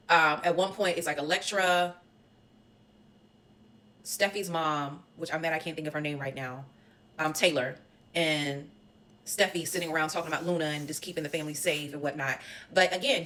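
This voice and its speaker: Chatty woman, lowish voice. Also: fairly bright tone, low-quality recording. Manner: chatty, opinionated, talks straight to viewers. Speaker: soap opera recap host. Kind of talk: casual recap commentary.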